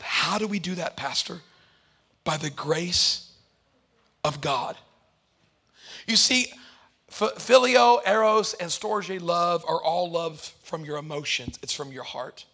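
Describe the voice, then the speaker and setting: A male pastor preaching a sermon, swinging from loud and animated to hushed, with playful asides to the congregation. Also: a little high, creaky.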